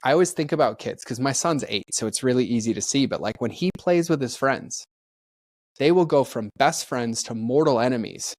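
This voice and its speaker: A man's voice: medium pitch, no echo. Earnest man telling heartfelt stories. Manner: earnest, heartfelt, acts out the people in his stories; peppers speech with "like". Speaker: podcast guest. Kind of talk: candid conversational storytelling.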